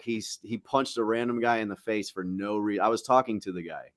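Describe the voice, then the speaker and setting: Man telling a profane, lively story. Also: on the low side, moderate pace, hardly any pauses, dry recording, clean studio sound. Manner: profane, animated anecdote-telling with acted-out quotes. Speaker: podcast co-host. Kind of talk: casual storytelling chat.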